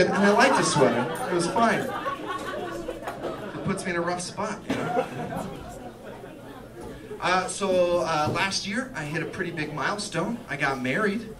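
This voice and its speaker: A young adult man performing a stand-up comedy set, lively and quick to act out voices, with audience laughter between his lines. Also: high-pitched. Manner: animated, acts out voices in quick bursts. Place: comedy club stage with live audience. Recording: distant mic, loud crowd laughter.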